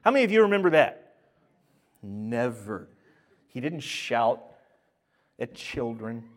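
A male pastor preaching a sermon, swinging from loud, exclaimed lines to quiet, intimate speech. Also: medium pitch, big pitch swings, takes it slowly.

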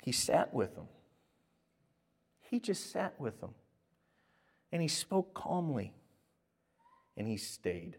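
A male pastor preaching a sermon, swinging from loud, exclaimed lines to quiet, intimate speech. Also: medium pitch, big pitch swings, slow pace, pauses often, slightly rough.

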